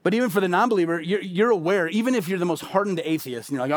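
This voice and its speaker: A man's voice: a little high, fast talker. A middle-aged man, a pastor, preaching a sermon with emphatic, repeated phrases and acted-out quotes.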